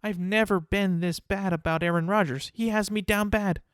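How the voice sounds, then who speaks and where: A young man hosting a podcast, talking through football results in a rambling, animated, self-mocking way. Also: high voice, normal speed, clear, resonant tone, no room sound, studio quality. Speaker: podcast host. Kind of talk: casual solo sports talk.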